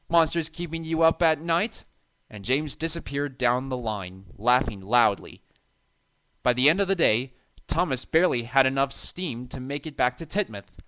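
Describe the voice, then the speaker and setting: A man narrating a children's train story in an even, measured reading. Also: mid-range voice.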